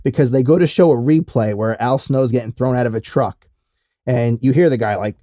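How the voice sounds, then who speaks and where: A man's voice: medium pitch, warm tone, no echo, studio quality. A man co-hosting a wrestling podcast in casual chat, rambling, cursing and laughing often. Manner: rambling, profane, quick to laugh. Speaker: podcast co-host.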